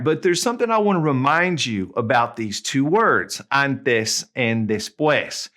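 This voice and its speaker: Man, Southern US accent, tutor, casual video lesson, mid pitch, friendly, chatty. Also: pushed and bright. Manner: friendly, chatty teacher who spells out examples slowly. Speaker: Spanish tutor.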